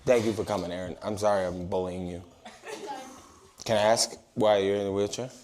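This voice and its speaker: A man doing stand-up crowd work on a comedy club stage, brash, swinging from shouts to mumbled asides. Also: lowish voice, steady tone, a little fast, background noise.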